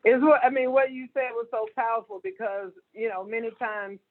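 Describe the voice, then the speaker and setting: A high-pitched man interviews a guest, affirming and encouraging in tone. His audio sounds thin and phone-like. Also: fairly even intonation, fairly quick, a little hiss or hum. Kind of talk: interview questions.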